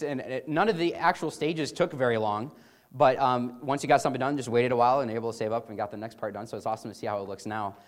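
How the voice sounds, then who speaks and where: A man's voice: mid-range voice, fairly even intonation, quick pace. A man casually telling an amused personal anecdote with many restarts. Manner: chatty, amused, frequent restarts. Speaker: storyteller.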